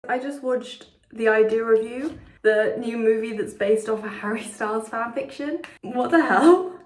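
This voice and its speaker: A young woman vlogging to camera in a chatty, excitable, self-mocking way. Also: on the high side, measured pace, slight background noise. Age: young adult. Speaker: student vlogger. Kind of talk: casual vlog talk to camera. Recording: echoey room sound.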